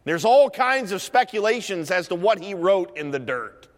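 Male preacher, high-pitched, dynamic delivery from shouts to hushes, church hall reverb. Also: very animated, moderate pace, hardly any pauses. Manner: swings from loud, high proclaiming to hushed, low asides. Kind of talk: sermon.

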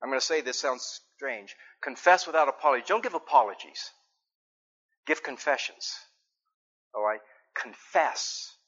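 A man preaching a sermon, earnest, dropping to soft asides and rising to loud emphasis, sometimes acting out sheepish little examples. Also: medium pitch, very animated, measured pace, pauses often, husky. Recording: dull lo-fi sermon recording.

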